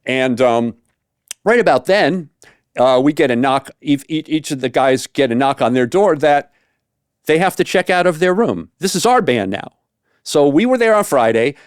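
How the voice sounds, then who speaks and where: A man, a saxophone tutor, casually telling a story in an animated way with many fillers, acting out the quotes. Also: a little high, normal speed, clear, resonant tone, dry recording, studio quality.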